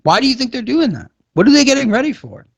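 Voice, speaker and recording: A young man co-hosting a podcast, talking in casual political banter, animated and ranting, with mock quotes. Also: fast, slightly rough, lo-fi sound. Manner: animated, rants with rising pitch and mock quotes. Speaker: podcast co-host.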